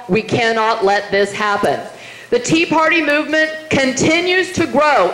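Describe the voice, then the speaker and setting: A middle-aged woman political speaker with a mid-range, fairly bright voice gives a rousing, emphatic rally speech in a meeting room. She fires rhetorical questions at the crowd, and the recording has a roomy hall sound with faint noise.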